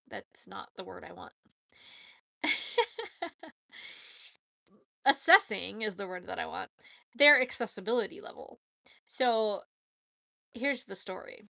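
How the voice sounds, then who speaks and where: Her voice is medium-pitched and gravelly, with a pushed, bright edge, captured as clean studio sound with no room sound. Casually chatting on a live stream, she bluntly gives her opinions in response to viewer questions, frankly, with many fillers and frequent mid-sentence self-corrections.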